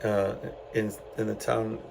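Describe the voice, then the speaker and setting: A middle-aged podcast host from San Antonio, Texas, tells a story on his own in a loose, rambling way, full of fillers and restarts. His gravelly voice is on the low side, completely flat and unhurried, over a noisy background.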